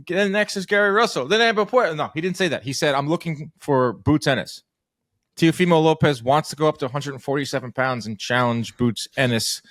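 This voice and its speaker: A man hosting a boxing podcast who tells stories quickly and acts out the quotes in them. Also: a little high, lively intonation, a bit bright, dry recording, studio quality. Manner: fast, storytelling, acts out quotes. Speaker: podcast host. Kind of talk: casual podcast chat.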